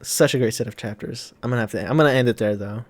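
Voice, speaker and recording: A young man in casual reaction commentary, excitable and swearing a lot, with many fillers. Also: medium pitch, fast talker. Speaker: manga reaction host.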